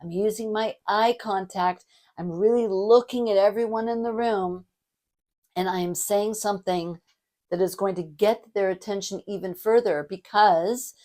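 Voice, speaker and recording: A middle-aged woman coaching public speaking in a lesson to camera, with a demonstrative delivery that moves between lively hype and a softer, lower tone. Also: measured pace. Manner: demonstrative, shifts between energetic hype and soft warm tones.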